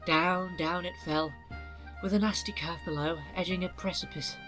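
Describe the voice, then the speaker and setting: A man's voice: sits high, fairly even intonation, moderate pace, faint music behind. Culdee, a man doing a kindly mountain engine. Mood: calm. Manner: gentle, thoughtful storyteller. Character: kindly older male mountain engine, calm and wise.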